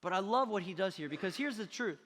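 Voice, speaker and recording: A male pastor preaches with an energetic, chatty delivery and tosses playful asides to the congregation. His voice sits notably high for a man, and a long reverb trails behind it in the church hall. The style is a lively, casual sermon. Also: fast. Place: church auditorium.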